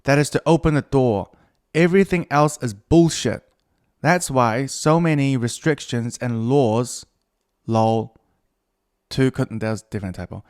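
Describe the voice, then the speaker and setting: A middle-aged man hosting a podcast by himself, drifting from topic to topic. He swears freely and jokes at his own expense. His voice sits at an ordinary male pitch. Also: normal speed, smooth. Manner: profane, rambling, self-mocking. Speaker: podcast host. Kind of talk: casual solo podcast monologue.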